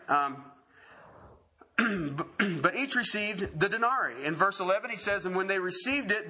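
A middle-aged man preaching in a high voice that sits well above the usual male range. His tone is bright and forceful. He speaks with lively energy, throws rhetorical questions at the congregation and mixes in joking asides. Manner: animated, asks rhetorical questions, jokes with the congregation. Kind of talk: sermon.

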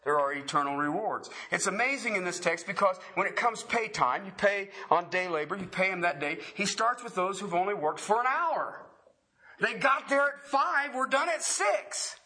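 A middle-aged man preaching in a high voice that sits well above the usual male range. His tone is bright and forceful. He speaks with lively energy, throws rhetorical questions at the congregation and mixes in joking asides. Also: moderate pace. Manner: animated, asks rhetorical questions, jokes with the congregation. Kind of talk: sermon.

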